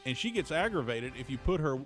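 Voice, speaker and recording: A man, co-hosting a morning radio show and telling stories with animated laughter. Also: medium pitch, fast talker, soft background music. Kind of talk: casual radio banter.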